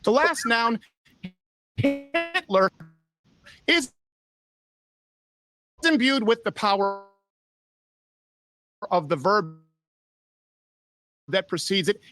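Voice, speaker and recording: A speaker in a played clip, explaining things in a measured, analytical way. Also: medium pitch, sharp tone, faint music behind, low-quality recording. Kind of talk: analytical commentary.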